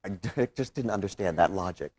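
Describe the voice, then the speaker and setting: Guy doing a one-man show on stage, lowish voice, dramatic, loud then quiet. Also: animated, fairly quick, breathy edge. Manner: theatrical, swings between loud outbursts and hushed recollection. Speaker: solo stage performer.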